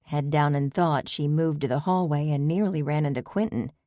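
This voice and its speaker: A woman narrating a novel in measured storytelling. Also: sits low, warm tone, dry recording, studio quality. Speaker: audiobook narrator. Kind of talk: scripted narration.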